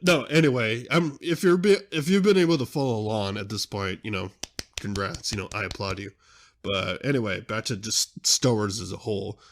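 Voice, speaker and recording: A young man hosting a podcast in a casual, excitable, rambling way, often interrupting himself mid-sentence. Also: lowish voice, normal speed. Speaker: podcast host.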